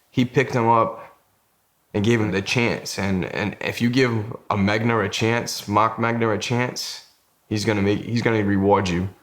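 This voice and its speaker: Brother, lowish voice, slow and emotional delivery. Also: male voice, fairly bright tone. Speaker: player's brother. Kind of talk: documentary interview.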